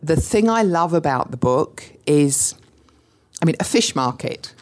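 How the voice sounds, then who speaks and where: A woman's voice: low voice, a little slow. A woman with a mixed English and New Zealand accent, chatting emphatically as a podcast guest. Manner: animated, emphatic storytelling. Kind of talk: enthusiastic interview chat.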